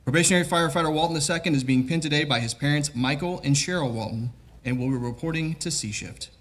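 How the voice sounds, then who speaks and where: A man making formal, brisk announcements at a graduation ceremony. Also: on the high side. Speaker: master of ceremonies.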